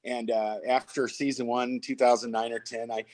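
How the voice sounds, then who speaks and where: A man's voice: medium pitch, little pitch movement, moderate pace, darkish tone, rough recording. An older man, a guest auctioneer, telling long casual stories full of fillers and restarts. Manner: rambling anecdotes with many fillers and restarts. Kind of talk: casual storytelling chat.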